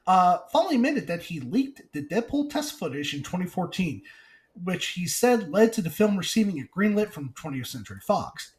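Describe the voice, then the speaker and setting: A man co-hosting a podcast in casual chat, animated and laughing as he reads news items aloud. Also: sits high, moderate pace. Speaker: podcast co-host.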